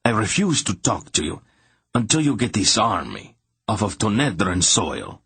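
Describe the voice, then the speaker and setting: A man's voice: fairly low pitch, sing-song, normal speed, vocal fry, fairly bright tone, breathy edge, no echo, heavily acted. A man voicing an irritable, blustering little emperor who snaps indignantly in an audiobook. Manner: indignant, snapping.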